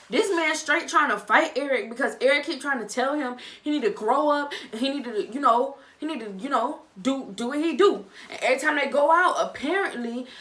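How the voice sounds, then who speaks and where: A young woman vlogger giving a casual, chatty review, with animated, dramatic reactions. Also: sits high, recorded from a distance. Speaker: vlogger reviewing a reality show. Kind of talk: casual chat.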